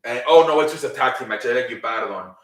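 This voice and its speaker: A man's voice: mid-range voice, expressive, fast. A man casually recapping a wrestling show, rambling with lots of fillers and swearing freely. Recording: roomy, mic at a distance.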